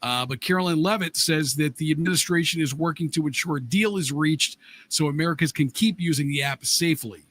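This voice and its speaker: A man's voice: a little high, brisk, fairly bright tone. A man co-hosting a podcast, reading the news casually with many fillers and laughing easily. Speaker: podcast co-host.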